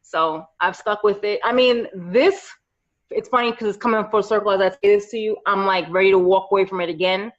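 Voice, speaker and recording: A woman in her thirties from New York, a podcast guest telling her career story in lively casual chat. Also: medium pitch, fairly quick. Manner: animated storyteller, acts out quoted voices. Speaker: podcast guest, makeup artist. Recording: slightly dull lo-fi audio.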